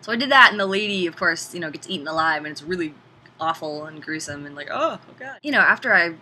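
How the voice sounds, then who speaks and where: A woman talking through a video game review in a loose, animated way, chatty and quick to swear. Her voice is bright and forward, and a faint hiss sits underneath. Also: deep voice, poor audio. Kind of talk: casual spoken game review.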